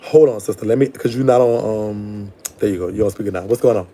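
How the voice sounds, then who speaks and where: A man's voice: lowish voice, quick pace, dark tone, a little hiss or hum. A man hosting a live call-in show, rambling and blunt, affectionate with callers. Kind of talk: casual live call-in chat.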